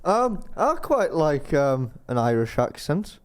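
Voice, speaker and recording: A man's voice: on the high side, very animated, slow pace, clean tone. A man on a podcast, hesitant and fumbling, self-conscious when put on the spot. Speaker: podcast regular. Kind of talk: casual chat.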